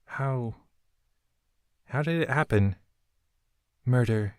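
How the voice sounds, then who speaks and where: A man voicing a grieving, guarded young woman who speaks quietly and tersely. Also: mid-range voice, slow, no echo, studio quality, voice pushed up, lightly acted.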